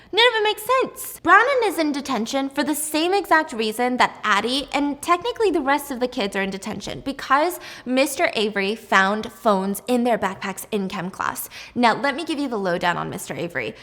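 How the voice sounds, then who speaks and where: A young woman with a somewhat high voice tells a story while she bakes, chatty and animated, slipping into the characters' lines as she goes. Her voice rings out with a long reverb around it. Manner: animated, chatty, acts out quotes. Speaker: storytelling baker host. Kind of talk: casual storytelling while baking.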